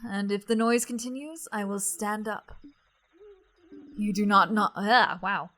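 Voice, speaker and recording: Woman doing a dry, deadpan older madame. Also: medium pitch, measured pace, lightly acted. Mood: stern.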